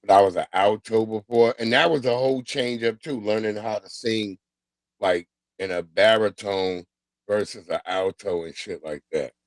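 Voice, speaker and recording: A man's voice: lowish voice, normal speed, no echo. A man hosting a casual livestream, talking loosely with profanity and street slang. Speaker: livestream host.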